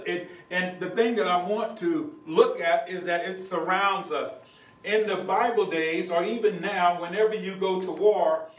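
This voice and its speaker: A man preaching a sermon, reading scripture slowly and then explaining it. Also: high voice, distant mic. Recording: echoey room, mic from afar.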